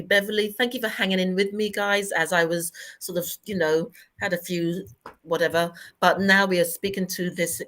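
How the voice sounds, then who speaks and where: A woman's voice: mid-range voice, a bit bright. Bubbly British woman hosting a show. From Britain. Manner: bubbly, playful, laughs often. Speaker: host. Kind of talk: online talk show hosting.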